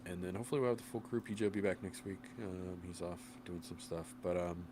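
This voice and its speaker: A man's voice: low-pitched, fast, background noise. A man in his thirties with a cold, hosting a casual online chat show in a rambling, swearing way. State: sick with a cold. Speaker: podcast host.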